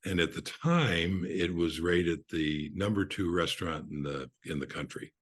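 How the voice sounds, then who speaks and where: An older man, a podcast guest, telling relaxed anecdotes in an unhurried way, often restarting his sentences. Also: low voice, slightly rough. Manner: unhurried storyteller with frequent restarts and fillers.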